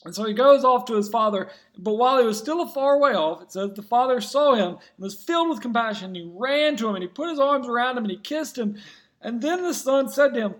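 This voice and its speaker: High-voiced man preaching a casual sermon. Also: expressive, a little fast, fairly bright tone. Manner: conversational retelling of scripture with casual paraphrase. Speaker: pastor.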